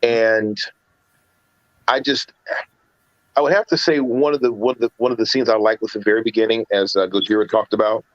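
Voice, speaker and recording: A man with a lowish voice talks briskly, pausing often, in a dry recording with the highs cut off. He's a podcast panelist reviewing films in a casual livestream chat, an animated storyteller who restarts a lot and acts out movie quotes.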